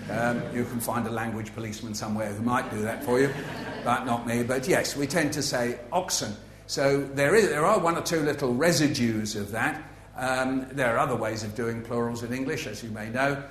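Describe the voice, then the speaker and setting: A man's voice: mid-range voice, moderate pace, few pauses, fairly bright tone, reverberant. A man giving a humorous author talk to a live audience, playful and facetious, full of asides. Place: festival venue with an audience.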